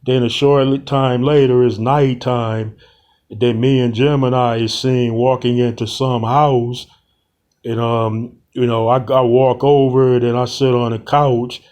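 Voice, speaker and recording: A young man casually retelling a short film plot, rambling and slangy with many pauses. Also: mid-range voice, little pitch movement, darkish tone. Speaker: storyteller.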